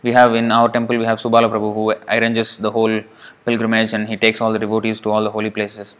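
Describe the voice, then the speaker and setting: A man's voice: lowish voice, monotone, fast talker, a bit bright. A man speaking at a temple, telling a sacred story in a conversational sermon, acting out the quotes and asking the listeners questions.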